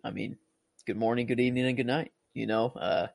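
A man's voice: mid-range voice, steady tone, brisk, gravelly, dry recording. A man chatting casually about a movie, rambling and gushing, full of filler words and restarts. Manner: emotional, gushing about the film.

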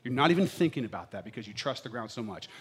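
This middle-aged pastor talks fast in a medium-pitched voice with big pitch swings. He keeps the sermon chatty and playful, regularly asking the congregation "right?"

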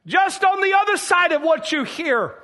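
A man preaching a sermon in an emphatic, fervent way, at times breaking into shouts. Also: very high voice, lively intonation, moderate pace.

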